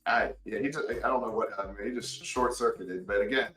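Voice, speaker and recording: A man guest on a podcast, casually recounting events and acting out quoted lines with sudden jumps in pitch. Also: brisk, roomy sound, far from the mic, soft background music, poor audio. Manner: animated, acts out quotes with big pitch jumps. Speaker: podcast guest, former contestant. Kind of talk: casual storytelling.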